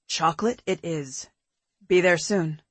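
A woman narrator voicing a calm, caring adult man in an audiobook, speaking steadily and methodically. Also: on the low side, a little slow, husky, no room sound, pitched below the performer's own voice. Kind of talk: audiobook character voice.

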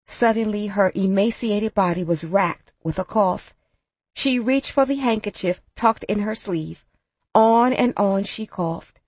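Husky-voiced woman narrating an audiobook. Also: mid-range voice, darkish tone, no room sound. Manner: measured, storytelling.

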